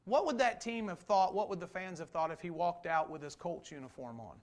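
A man preaching a conversational sermon, full of rhetorical questions, swinging between loud emphasis and slow, quiet stresses. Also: high-pitched. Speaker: pastor.

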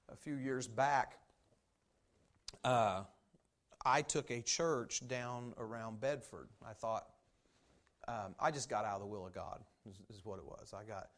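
A man preaching a sermon as pastor, folksy and animated, with many fillers and asides. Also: on the low side.

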